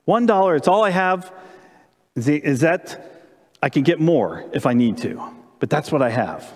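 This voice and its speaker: A man voicing an earnest eight-year-old girl in a sermon story, raised high and eager. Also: animated, normal speed, darkish tone, big-room sound. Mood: proud.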